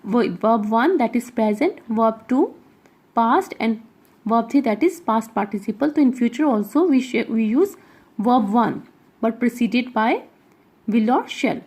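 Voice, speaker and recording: A woman's voice: a little high, animated, measured pace, darkish tone, breathy edge. Indian English woman teaching grammar. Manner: explains step by step, with frequent checking asides. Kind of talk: grammar lesson, reading exercises aloud.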